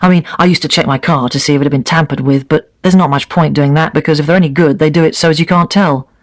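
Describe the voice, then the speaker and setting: A man reading the part of a weary, resigned middle-aged former secret police officer, in a quiet, subdued way. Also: on the high side, fairly even intonation, fast talker, no room sound, clean studio sound, close to an everyday voice. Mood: rueful. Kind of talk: reading a memoir aloud.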